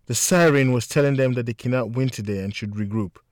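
A man's voice: mid-range voice, fairly quick, darkish tone, no room sound, clean studio sound, natural voice. A man reading aloud voices a frightened female secretary who speaks in a shaky, urgent voice.

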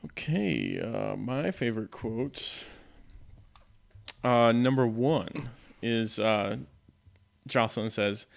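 A man's voice: mid-range voice, sing-song, takes it slowly, gravelly, pauses often. A man co-hosting a podcast, talking in an easygoing, rambling way. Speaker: podcast co-host. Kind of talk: casual chat.

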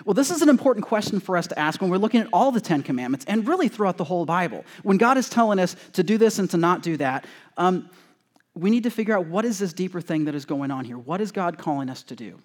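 A high-voiced male pastor preaching to his congregation in a church. He talks casually and jokes with the people, and he acts out the lines he quotes with a lot of life. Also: fast. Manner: conversational and joking with the congregation; animated, acting out quoted voices. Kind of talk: sermon. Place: church sanctuary before a congregation.

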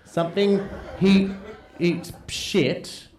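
A man's voice: sits high, steady tone, very slow, darkish tone. A man co-hosting a comedic casual chat, playful and making up silly sayings. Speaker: co-host. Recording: echoey room.

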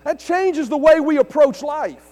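A man's voice: very high voice, a little slow, a little mellow. A man preaching a sermon as pastor, driving his points with emphasis and questions to the congregation. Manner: preaching with rising emphasis and audience call-outs. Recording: long reverb of a large hall with mains hum.

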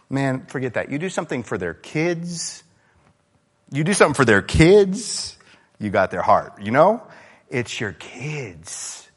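A man preaching a relaxed, conversational sermon as a pastor, often saying "man" and getting animated. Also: medium pitch. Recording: reverberant hall.

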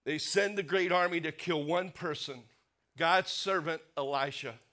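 A pastor preaching a sermon, earnest, sinking to a quiet low voice for weight and lifting it for questions to the congregation. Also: male voice, unhurried. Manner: earnest preaching, drops low and soft for emphasis, rises for rhetorical questions.

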